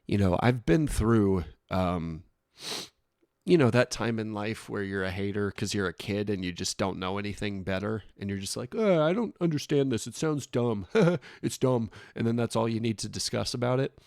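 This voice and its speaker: A man in his thirties hosting a casual reaction video, talking haltingly with frequent restarts and laughs between thoughts. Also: fairly low pitch, creaky, darkish tone, no room sound, clean studio sound. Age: 30s.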